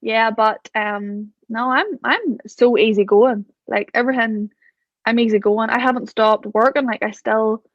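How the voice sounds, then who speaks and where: Woman guest, chatty storyteller, fairly high pitch, dull close recording. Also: measured pace, dry recording. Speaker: podcast guest, business owner. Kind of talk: casual chat.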